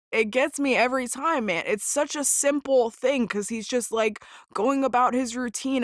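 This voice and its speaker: A woman's voice: a little high, fairly bright tone, dry recording, clean studio sound. A young adult woman hosting a casual solo podcast, gushing and laughing as she talks, swearing freely. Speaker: podcast host.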